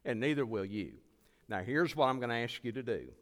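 Pleading preacher in an echoing church. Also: male voice, mid-range voice, sing-song, brisk. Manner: earnest, pleading, repeats phrases. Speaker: evangelist preacher. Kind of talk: altar call sermon. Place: church sanctuary. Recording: long church hall reverb.

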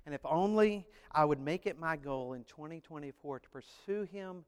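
A man preaching a sermon as pastor, animated, acting out voices and singing short snippets. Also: fairly high pitch, normal speed, smooth, long reverb tail.

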